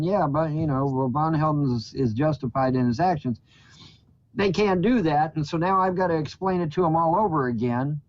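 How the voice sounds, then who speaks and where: A man's voice: a little high, darkish tone. Indignant, profane man. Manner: profane, indignant, repeats and restarts himself. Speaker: YouTuber. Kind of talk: rambling monologue to camera. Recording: dull lo-fi recording.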